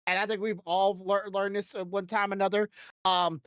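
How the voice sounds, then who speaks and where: A woman's voice: medium pitch, little pitch movement, brisk, a bit bright, no room sound, studio quality. A woman hosting a podcast in loose, rambling casual chat, swearing freely and laughing often into a desk microphone. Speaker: podcast host.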